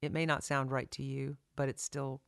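Woman songwriter, interview guest; low voice, lively storyteller who plays out every character she mentions. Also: creaky, clean tone, no echo, clean studio sound. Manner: animated storyteller, quick to act out the people she quotes.

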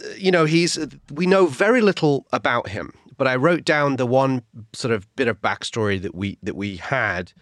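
Male podcast co-host, mid pitch, wry, dry close mic. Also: normal speed, fairly bright tone, no room sound. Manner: wry, reads quotes from notes, laughing asides. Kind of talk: casual chat.

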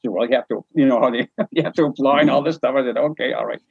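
Speaking fast in a medium-pitched voice that's creaky and husky, a man from New Brunswick, Canada shares his life story as an interviewee. He acts out the exchanges with lots of chuckles, like a lively casual memoir. There's no echo; the recording is dry and a bit muffled.

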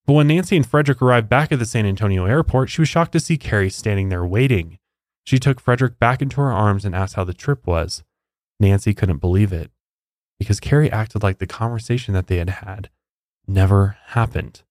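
Male true-crime podcast host, low voice, dry close sound, chatty. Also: a little fast, darkish tone, no room sound. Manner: conversational, incredulous asides. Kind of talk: casual true-crime narration and chat.

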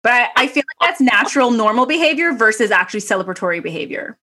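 Woman podcast host, fairly high voice, casual and rambling, lots of laughs and asides. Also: fast. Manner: animated, rambling storyteller with laughs. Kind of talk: casual chat.

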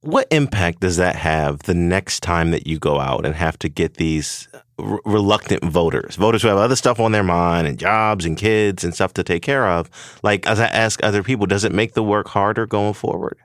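A man with a very low voice speaks in a measured, thoughtful way. He frames his questions slowly, with small hesitations. The sound is dry and close. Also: dry recording. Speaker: podcast reporter and interviewer. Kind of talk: interview questions.

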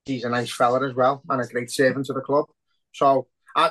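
Sweary excitable man. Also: medium pitch, fairly quick, poor audio. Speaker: podcast co-host. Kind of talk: casual football chat.

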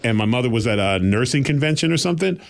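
A man's voice: mid-range voice, fast, vocal fry. A man casually telling a long childhood story, acting out the quotes as he goes. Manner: animated anecdote teller, acts out quotes.

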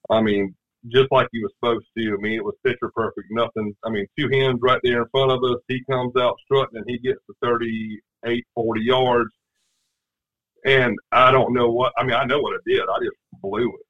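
A man's voice: mid-range voice, fairly even intonation, normal speed. A man, telling a hunting story in a casual, rambling way, with lots of fillers and restarts. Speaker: guest. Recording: dull lo-fi sound.

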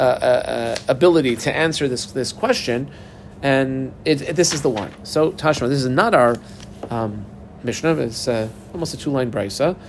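A man's voice: medium pitch, slight background noise. A man teaching a Talmud lesson, walking through the text step by step and asking and answering his own questions. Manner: explains step by step, quotes Aramaic and Hebrew terms. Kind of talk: daf yomi Talmud lesson.

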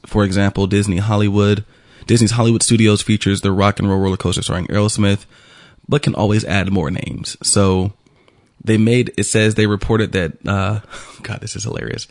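Man, radio co-host, low voice, gravelly, dry close sound, casual banter. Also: a little mellow, no room sound. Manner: chatty, laughing, lots of ums.

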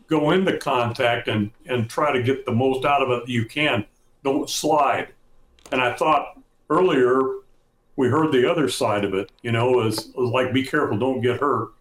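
A man who is a regular on a sports radio show, speaking haltingly with many fillers. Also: medium pitch, roomy sound, low-quality recording.

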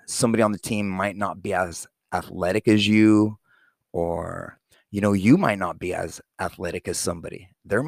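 This forties-aged father's voice sits low and creaky, captured at studio quality without any echo. He talks to his little daughter in a rambling, filler-heavy monologue that is casual and heartfelt yet blunt, profane, and plain-spoken.

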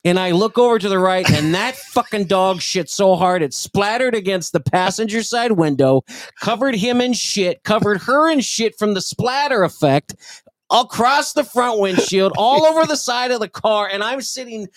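Profane, lively storytelling man. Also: sits high, normal speed, dry recording. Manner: profane, rambling, laughing while telling the story. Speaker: podcast co-host. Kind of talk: casual comedic storytelling.

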